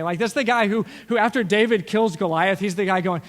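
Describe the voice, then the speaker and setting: A middle-aged man preaching a sermon as pastor, telling stories with lively asides and acting out what people said. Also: sits high, fast, hardly any pauses. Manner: storytelling, animated with asides and acted-out quotes. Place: church sanctuary. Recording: long reverb of a large hall.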